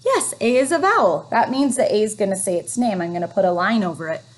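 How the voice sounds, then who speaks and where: A woman teacher leading a phonics lesson for young children, reading words slowly and encouragingly. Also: mid-range voice, lively intonation. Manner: slow, encouraging, drawn-out reading.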